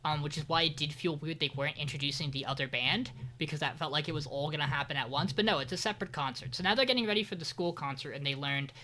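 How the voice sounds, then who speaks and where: A man chatting on a podcast, walking his co-hosts through an anime's latest episode. He talks in a loose, rambling way, drops casual profanity and slips in sarcastic asides. His voice sits bright and forward. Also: on the high side, quick pace, few pauses. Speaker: podcast co-host. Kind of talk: casual anime recap chat.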